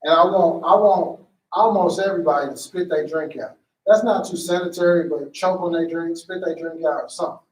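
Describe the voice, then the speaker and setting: High-voiced man directing a play rehearsal. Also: brisk, recorded from a distance. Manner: animated, acts out lines in a higher voice. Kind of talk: directing a rehearsal, giving blocking notes. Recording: echoey room, voice away from the mic.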